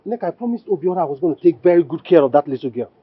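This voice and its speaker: A man's voice: a little high, expressive, very fast, husky, no room sound. A Nigerian actor playing a stern husband who warns and scolds his wife in a film drama. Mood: demanding. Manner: stern, warning, indignant. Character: angry protective husband, adult man. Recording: slightly muffled dry film audio with faint music.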